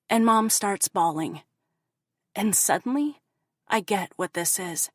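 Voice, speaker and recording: A woman's voice: lowish voice, a little slow, dry recording. Woman narrating a profane confession, dry. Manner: intense, profane, confessional delivery. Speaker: audiobook narrator. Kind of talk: first-person audiobook narration.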